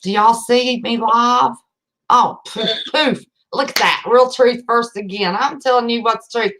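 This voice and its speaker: With a voice on the high side, fairly even intonation, a moderate pace, and a bit of brightness, a West Virginia woman hosts a relaxed livestream from her home. Her Appalachian accent and folksy chatter come through as she names viewers and calls them honey.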